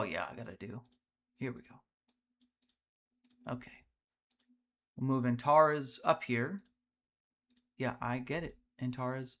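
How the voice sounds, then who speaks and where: A man hosting a live gameplay stream, energetic and chatty, talking to his viewers as he plays. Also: medium pitch. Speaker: streamer, host.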